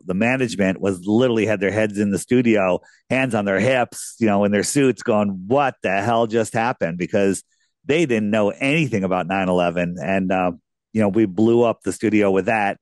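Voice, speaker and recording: A man's voice: fairly low pitch, brisk, no echo, clean studio sound. A man being interviewed as a guest, telling casual, rambling anecdotes with lots of restarts.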